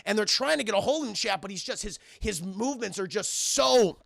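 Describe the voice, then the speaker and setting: A man streaming a casual, profane film review, talking excitedly to his chat and acting out the characters' lines. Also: sits high, brisk, creaky, hardly any pauses, no echo, clean studio sound. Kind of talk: live-stream film commentary.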